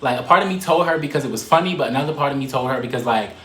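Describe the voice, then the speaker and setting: A man telling a story to the camera in a casual, animated way, swearing and laughing often. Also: mid-range voice, very fast, echoey room.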